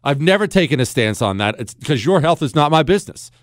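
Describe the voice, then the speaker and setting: A man's voice: fairly high pitch, very animated, fast talker, no echo. A man hosting a talk radio show, delivering an opinionated, sarcastic monologue with mocking asides.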